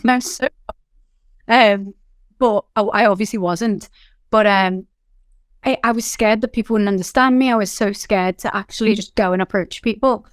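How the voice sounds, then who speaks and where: Close, dry audio with no echo captures a female company founder being interviewed as a guest. She hails from Liverpool in England and has the local accent, and her mid-range voice sounds smooth and resonant. Her talk is candid and lively, quick stories peppered with "you know" and "like."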